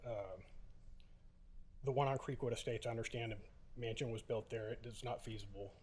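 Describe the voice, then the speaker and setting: A man's voice: mid-range voice, steady tone, fairly quick, darkish tone. A middle-aged man speaks at a council chamber podium in a mid-range voice. He is plainspoken and emotional, full of uhs, and he holds back tears. Faint room noise sits behind him. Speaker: resident giving public comment. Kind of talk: public comment at a council meeting.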